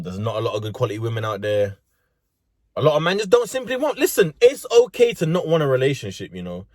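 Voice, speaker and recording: A man's voice: mid-range voice, dry recording, clean studio sound. A young man with a London accent, ranting comedically and profanely in street slang from inside a car. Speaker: vlogger. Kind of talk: comedic rant.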